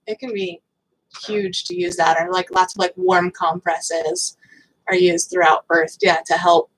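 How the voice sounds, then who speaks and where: A woman who is a guest expert on birth, explaining things calmly and matter-of-factly in a casual talk. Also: lowish voice, a little slow, a little hiss or hum, low-quality recording. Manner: calm, explanatory, matter-of-fact.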